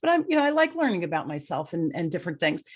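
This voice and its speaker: A woman in her sixties from Newark, New Jersey, hosting a conversational interview and telling stories with animated quoted voices. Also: fairly low pitch, fast. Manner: animated storyteller who acts out quoted voices. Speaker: podcast host.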